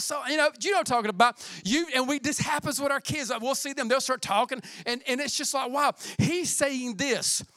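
A young man gives a relaxed, slang-filled sermon and presses his points with emphatic repeats. His voice is very high and bright, almost sharp. The recording is dry, with almost no room sound. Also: fairly quick, few pauses, no room sound. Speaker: preacher. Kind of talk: casual sermon.

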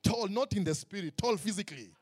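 A man's voice: high voice, fast, breathy edge. A man preaching a sermon in a church tent, joking and acting out the people he quotes. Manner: animated, joking, acts out quotes. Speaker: pastor.

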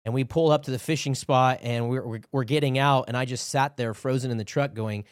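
A man's voice: medium pitch, fairly even intonation, fairly quick, no room sound, clean studio sound. A man who is a podcast guest, telling a personal faith story in an earnest way and building into preaching. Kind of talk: testimony and exhortation.

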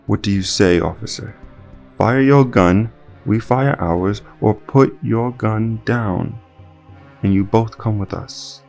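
A man's voice: fairly low pitch, takes it slowly, vocal fry, darkish tone, faint music behind. A man reading a smug, condescending male crime boss who gives cold orders with a sadistic edge. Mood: menacing. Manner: sadistic chuckling, cold commands.

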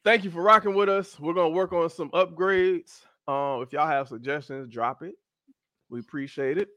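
A man with co-hosts a casual podcast, his voice high and bright. He talks in an animated way, swooping around with lots of laughter, and the sound is close and dry. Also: moderate pace, no room sound. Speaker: podcast co-host. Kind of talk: casual chat.

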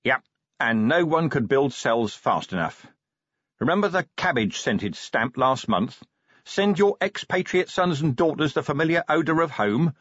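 A gruff, short-tempered city police commander, voiced by a male audiobook narrator who growls out his complaints. The delivery is lively and up and down. The recording is dry and slightly muffled. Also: on the high side, normal speed, dry recording, voice pushed up. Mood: wry. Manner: growling, exasperated. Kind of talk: audiobook character voice.

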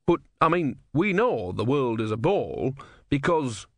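A man's voice: mid-range voice, big pitch swings, measured pace, fairly bright tone, no room sound, voice pushed up, full character voice. A man voicing an earnest young novice monk. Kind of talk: audiobook character voice.

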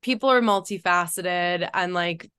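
Chatty young woman, smooth clear voice. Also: fairly low pitch, measured pace, pushed and bright, no room sound, clean studio sound. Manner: chatty, frequent "like" fillers, laughs often. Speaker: podcast co-host. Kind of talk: casual chat.

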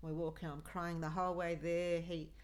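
A middle-aged woman tells a personal story in an earnest, lower-pitched voice. She slips into the voices of the people she quotes as she goes. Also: flat delivery, moderate pace. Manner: earnest, acts out quoted speech. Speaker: guest, mother of a host. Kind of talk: personal storytelling in a podcast chat.

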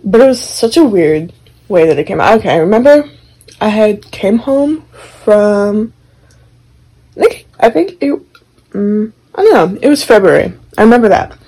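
A young woman co-hosting a podcast, telling a story in casual chat, animated and profane, often laughing. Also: medium pitch, normal speed, husky, low-quality recording. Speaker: podcast co-host.

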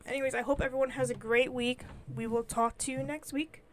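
A woman's voice: high voice, fairly even intonation, a little fast, slight background noise. A woman co-hosting a podcast in casual, teasing chat with a friend. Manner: chatty, teasing, playful sing-song asides. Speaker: podcast co-host.

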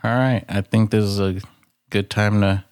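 A man's voice: fairly low pitch, fairly even intonation, normal speed, darkish tone, smooth, no room sound, clean studio sound. A man hosting a casual podcast, laid back as he wraps up the episode and signs off. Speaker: podcast host. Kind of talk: casual chat.

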